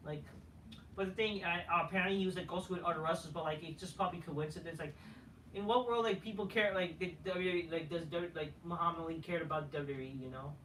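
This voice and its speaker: A man's voice: on the high side, fairly even intonation, fast talker, a bit bright, far from the mic. Male reviewer, dismissive and profane, rambling rant; sits back from the mic in a roomy space with faint background noise. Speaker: wrestling show reviewer. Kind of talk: casual ranting review.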